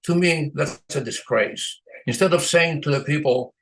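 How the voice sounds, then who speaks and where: A man's voice: fairly high pitch, normal speed, few pauses, fairly bright tone, a little hiss or hum, low-quality recording. A man giving a recorded lecture as a university lecturer, talking through his slides in a conversational way and often checking in with his listeners.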